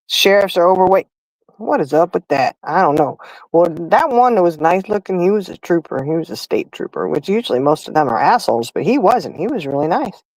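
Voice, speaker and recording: A woman's voice: low-pitched, a little mellow, dry recording, rough recording. A middle-aged woman, hosting a livestream and chatting casually, telling stories with frequent laughs and calling her listeners "y'all". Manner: chatty storyteller, laughing, addresses chat as y'all. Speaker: livestream host. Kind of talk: casual chat.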